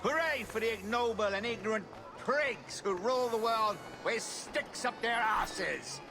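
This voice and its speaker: A pompous, recently sacked colonial governor in a video game. He speaks in grand, sarcastic flourishes, with a voice pitched high for a man. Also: expressive, measured pace, over music. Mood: sardonic. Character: pompous ousted colonial governor, bitter and theatrical.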